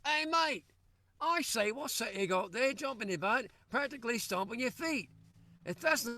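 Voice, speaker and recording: A man's voice: very high-pitched, expressive, moderate pace, pushed and bright, pitched above the performer's own voice, full character voice. A man voicing a boisterous English sailor in a tavern tale, with an English accent. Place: inside a car.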